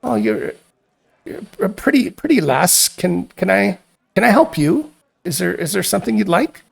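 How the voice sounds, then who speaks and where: A man's voice: high voice, very animated, gravelly, slightly rough, voice pushed up, heavily acted. A man putting on a tearful, stammering young woman. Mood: flattering. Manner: tearful, halting, stammering pleas. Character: frightened young woman pleading for her kidnapped brother.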